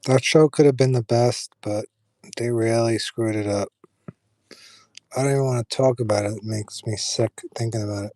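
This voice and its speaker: A man's voice: medium pitch, fairly even intonation, normal speed, darkish tone, no room sound. A man chatting casually with viewers on a live stream, rambling with fillers and restarts.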